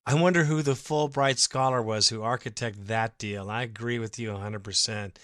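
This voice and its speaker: A man's voice: medium pitch, fairly even intonation, normal speed, a bit bright, no room sound, clean studio sound. A man hosting a fan podcast, reading listener comments and ranting emotionally, swearing freely in a casual monologue.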